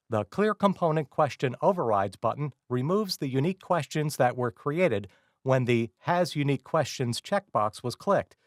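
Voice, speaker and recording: A man giving scripted, measured narration for a software tutorial. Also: mid-range voice, dry recording, clean studio sound. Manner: measured, instructional.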